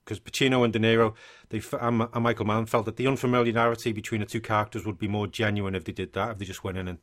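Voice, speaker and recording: A man's voice: lowish voice, level tone, quick pace, fairly bright tone. A man co-hosting a casual podcast, reading notes with chatty asides. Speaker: podcast co-host.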